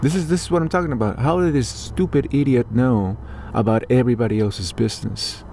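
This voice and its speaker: A man from Mexico rants about politics in an indignant, sarcastic way and swears freely. His voice sits in a middling pitch with a dark, mellow tone. A faint hiss of background noise runs under his talk. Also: a little fast. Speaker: political commentator. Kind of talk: heated political rant.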